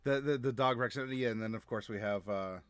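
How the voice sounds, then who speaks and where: A man acting as game master on an online call, speaking in halting, trailing phrases full of fillers. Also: medium pitch, noisy background. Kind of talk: casual chat before a tabletop game.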